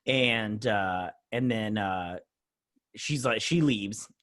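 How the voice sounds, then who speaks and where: A man's voice: fairly low pitch, takes it slowly, a bit bright. A man in his thirties hosting a casual TV episode review, retelling scenes loosely and acting out characters' lines. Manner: loose recapping with fillers and acted-out quotes. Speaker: host.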